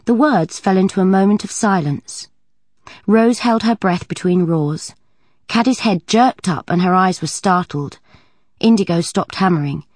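A woman narrating a children's storybook aloud in an even, clear manner. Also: on the low side, unhurried, no room sound. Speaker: audiobook narrator. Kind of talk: storybook reading.

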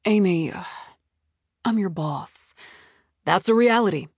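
A woman's voice: mid-range voice, slow pace, breathy edge, no echo. Brief: woman reading a patronizing male TV boss, impatient and defensive, dry close audiobook sound. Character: smooth, impatient male TV executive boyfriend.

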